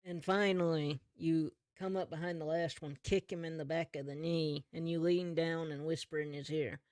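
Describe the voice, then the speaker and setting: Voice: mid-range voice, level tone, moderate pace, a little mellow, no echo, clean studio sound. A game master narrating a tabletop game in an easygoing, second-person storytelling way.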